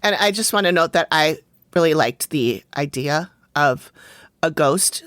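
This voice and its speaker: A woman's voice: low voice, animated, measured pace, fairly bright tone, no room sound. A woman co-hosting a podcast, recapping a TV episode from her notes in easygoing chat, often agreeing with a "mm-hmm". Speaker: podcast co-host.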